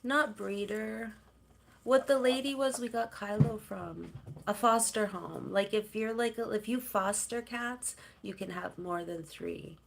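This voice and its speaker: A middle-aged woman from Canada, chatting casually on a livestream and cooing softly to her cats. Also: mid-range voice, a little slow, creaky. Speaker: livestream host.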